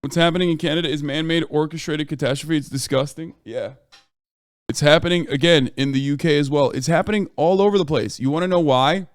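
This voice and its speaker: A man holds forth in a blunt, argumentative way, swearing as he makes his case. His voice sits a bit high, smooth and resonant, and it is recorded close and dry. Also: brisk, no echo. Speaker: live streamer. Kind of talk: heated political commentary.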